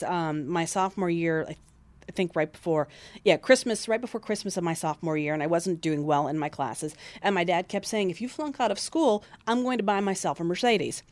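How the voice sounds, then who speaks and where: A woman's voice: lowish voice, a little mellow, no echo. Chatty woman author, dry close sound. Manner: chatty, self-deprecating, quick anecdotes with frequent restarts. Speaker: author guest. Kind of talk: interview storytelling.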